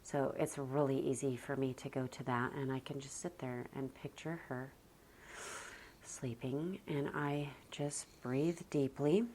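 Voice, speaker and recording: A woman who homeschools her children, talking casually to the camera in a calm, soft-spoken and reflective way, with sighs and a lot of "like". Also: extremely low pitch, measured pace, slight background noise. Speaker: homeschooling mother and parenting vlogger.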